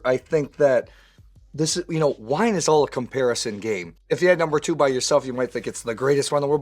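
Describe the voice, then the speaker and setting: A man with a weakened voice from recent voice loss, presenting a wine tasting in an enthusiastic, conversational way. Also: mid-range voice. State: weak voice from lost voice. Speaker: wine educator.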